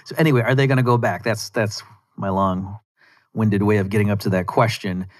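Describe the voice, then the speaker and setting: A man's voice: lowish voice, steady tone, moderate pace. Sarcastic rambling male podcast host. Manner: sarcastic, rambling, self-interrupting. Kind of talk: casual monologue rant.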